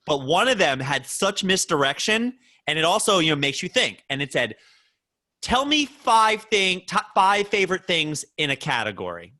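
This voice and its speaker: Animated, bright-voiced male podcast co-host. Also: fairly high pitch, fairly quick, few pauses. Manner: animated storytelling with acted-out quotes. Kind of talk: casual chat.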